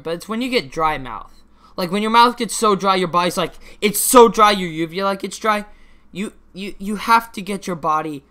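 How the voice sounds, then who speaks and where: Teen boy, solo podcast host, bright voice, rambling casual chatter with restarts and offhand swearing. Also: high-pitched. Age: teens.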